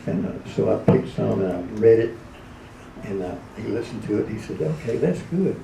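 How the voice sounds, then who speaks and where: Guy telling old radio stories, gravelly voice, far off in an echoey room. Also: fairly low pitch, steady tone, moderate pace, background noise. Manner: folksy, chuckling, slips into character voices. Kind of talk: anecdotal storytelling at a live event. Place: event hall.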